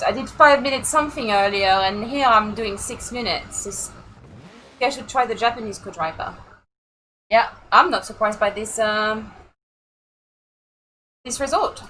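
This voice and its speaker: A woman's voice: fairly high pitch, unhurried, long pauses, slight background noise, poor audio. A young woman streaming a rally game, chatting casually, criticizing her own driving and crying out at her mistakes. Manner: self-critical, exclaims loudly at mistakes. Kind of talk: casual gaming commentary.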